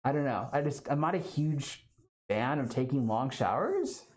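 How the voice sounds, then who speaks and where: A woman's voice: a bass voice, lively intonation, normal speed, darkish tone. A young woman streaming live, chatting casually with her viewers and reading their comments, full of "like" and "um" fillers.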